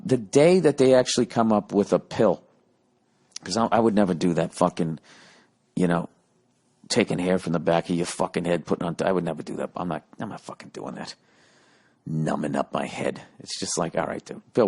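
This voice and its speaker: Profane rambling podcast host, late forties. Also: male voice, sits low, brisk, vocal fry, a little mellow, slightly rough. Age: 40s. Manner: profane, rambling, self-mocking. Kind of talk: casual comedic rant.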